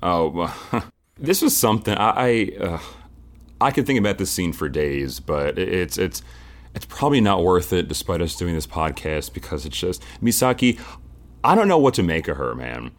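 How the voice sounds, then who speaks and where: A man co-hosting a podcast, talking things over in a measured, reflective way with some restarts. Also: low-pitched, big pitch swings. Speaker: podcast co-host. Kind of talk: casual chat.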